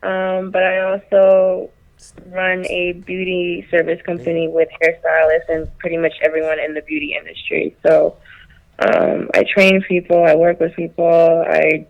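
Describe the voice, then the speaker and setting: A woman's voice: on the low side, little pitch movement, measured pace, vocal fry. Woman calling in on a dull phone line. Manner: chatty, laughs while telling her story. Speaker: call-in guest. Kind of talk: phone-in chat.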